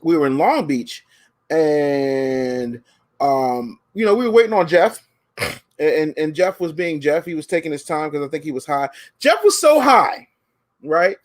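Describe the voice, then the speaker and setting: A man's voice: on the high side, moderate pace. A man co-hosting a comedy podcast, ranting profanely and animatedly in casual chat. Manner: profane, animated rants with quoted voices. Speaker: podcast co-host.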